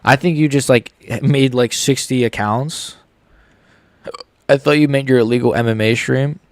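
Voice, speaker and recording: A young man with hiccups chatting casually on a live stream, reading viewers' messages aloud in relaxed slangy banter. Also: mid-range voice, moderate pace, no room sound. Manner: reads chat aloud, laid-back slangy banter. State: has the hiccups. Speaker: streamer reacting live to fights.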